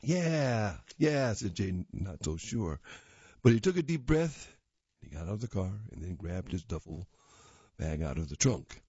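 A man with a low, husky, mellow voice reads a magazine story aloud at a plain, unhurried pace. The recording is dull and lo-fi, and the room is dry. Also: lively intonation, dry recording. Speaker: reader.

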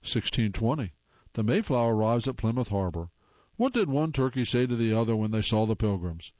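A man's voice: mid-range voice, lively intonation, moderate pace, a little mellow, no echo, dull audio. Man reading corny jokes aloud, dry sound. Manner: reads jokes then groans at them wryly. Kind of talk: casual read-aloud.

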